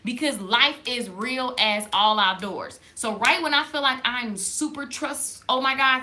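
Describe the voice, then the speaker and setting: A woman hosts a faith-based live stream straight to camera. Her voice sits high and rings bright. She talks in a lively, casual way and stops to greet viewers in the comments. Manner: lively and conversational, reading viewer comments aloud. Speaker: livestream host. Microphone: camera in front of her.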